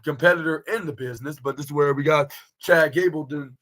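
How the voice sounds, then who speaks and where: A man's voice: fairly high pitch, a little fast, fairly bright tone, low-quality recording. Rambling man recapping wrestling, fillers. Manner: rambling, many fillers and restarts. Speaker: podcast host reviewing wrestling. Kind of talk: casual recap, play-by-play retelling.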